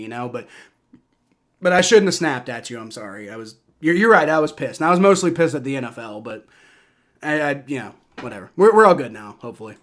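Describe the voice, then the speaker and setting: A young man streaming live football reactions and play-by-play, heated and profane, ranting with many restarts. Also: on the high side.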